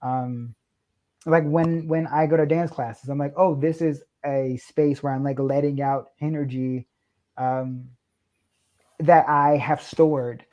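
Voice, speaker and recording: A young man, a podcast guest, chatting casually and acting out his own quoted lines with lively shifts. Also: fairly high pitch, slow pace. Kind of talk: casual chat.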